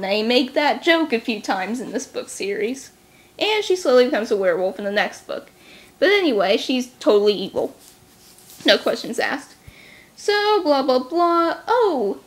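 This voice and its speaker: A woman recapping a book series in a casual vlog, snarky and sarcastic, talking quickly. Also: high voice. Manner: talks fast. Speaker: book reviewer.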